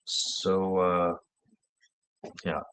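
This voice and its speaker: A man, hosting his own show and telling a story in a rambling, profane way, laughing and jumping high in pitch when he gets worked up. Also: little pitch movement, very slow, a bit bright, clean tone. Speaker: show host. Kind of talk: casual storytelling monologue.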